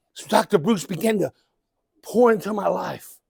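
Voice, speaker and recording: Keynote speaker, middle-aged man, high voice, dry close sound, calls out and shouts to the room. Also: moderate pace, creaky, pauses often, breathy edge, no room sound. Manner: animated, calls out to the crowd, bursts into shouting. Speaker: motivational speaker. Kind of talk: live keynote speech to an audience. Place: conference event room.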